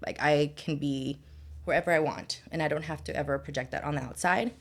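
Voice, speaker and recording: Young woman guest, slightly low-pitched, candid storyteller who says "like" a lot. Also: fairly even intonation, brisk. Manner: candid, heavy use of "like" fillers. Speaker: podcast guest. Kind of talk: personal storytelling in conversation.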